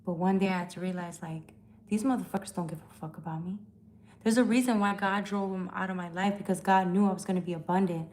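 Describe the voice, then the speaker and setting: A woman's voice: lowish voice, fast, darkish tone. A woman hosting a live tarot stream, talking bluntly and swearing as she calls out viewers. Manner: blunt, profane, confrontational. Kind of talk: casual live-stream chat. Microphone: phone.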